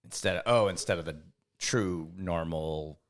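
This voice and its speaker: A woman's voice: rumbling low, measured pace. A woman co-hosting a podcast in casual chat, mostly giving short reactions and dry quips. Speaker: podcast co-host.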